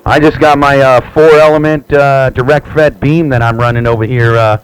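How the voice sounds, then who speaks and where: A man chatting on a CB radio from his home station, relaxed and repetitive, with many fillers. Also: mid-range voice, normal speed, slight background noise, low-quality recording. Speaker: CB radio operator. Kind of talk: live radio chat. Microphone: radio transceiver mic.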